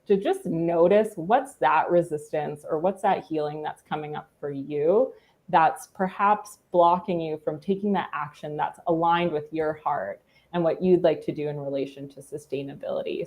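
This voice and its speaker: A woman co-hosting a live online talk, speaking in a gentle, inviting and reflective way. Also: low-pitched. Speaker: live show co-host.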